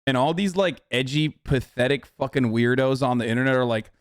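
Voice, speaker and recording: A man's voice: medium pitch, brisk, smooth, dry recording. A young man hosting a livestream, ranting in a casual, profane and argumentative way. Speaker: livestream host.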